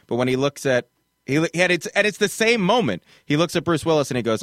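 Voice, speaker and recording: A man co-hosting a podcast in casual chat, animated and laughing often. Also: on the high side, fast, dry recording, studio quality. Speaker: podcast co-host.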